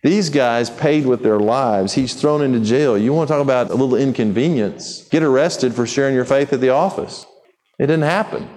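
A man preaching a sermon in a conversational, animated way, acting out the people he quotes in his own voice. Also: mid-range voice, normal speed.

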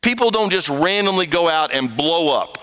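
A man preaching an animated sermon, reading scripture and raising his voice to exhort the congregation. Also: moderate pace, clean tone. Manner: animated, shifts between low quotes and raised exhortation.

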